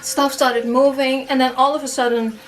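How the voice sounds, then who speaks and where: Woman, storytime vlogger, high voice, animated and chatty, slightly distant mic. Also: normal speed. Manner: animated, acts out her own past reactions, many "like" fillers. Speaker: storytime YouTuber. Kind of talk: casual storytelling to camera.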